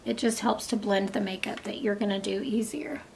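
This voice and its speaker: A middle-aged woman chatting casually through a makeup tutorial, rambling and dropping into soft half-whispered asides. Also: mid-range voice, fairly quick, gravelly. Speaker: beauty vlogger.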